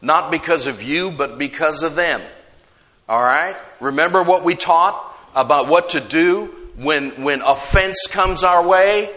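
Delivering a sermon at a measured pace, a middle-aged man reads scripture with drama, then stops to explain it to his congregation. His slightly high voice is bright and ringing, each phrase followed by long hall reverb, on lo-fi audio.

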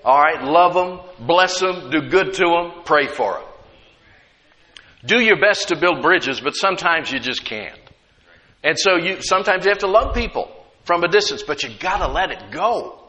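A man's voice: fairly high pitch, expressive, moderate pace, sharp tone, muffled recording. A middle-aged man preaching a sermon, reading scripture aloud dramatically and stopping to explain it. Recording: long hall reverb.

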